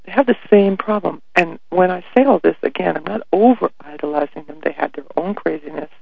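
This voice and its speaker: A man and spiritual workshop leader telling personal stories in a reflective way, soft-spoken and often dropping to a near whisper. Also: a little high, a little fast, vocal fry, husky, no room sound. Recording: dry, phone-like narrow sound.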